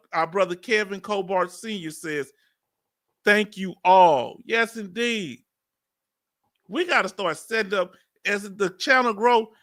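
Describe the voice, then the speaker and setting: A man's voice: high voice, pushed and bright. A Texan man in his fifties with a Southern accent, hosting a casual live stream as a veteran, reading viewer comments aloud and laughing often. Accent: Southern US, Texas. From Texas. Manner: chatty, laughing, drawling asides. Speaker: livestream host, veteran.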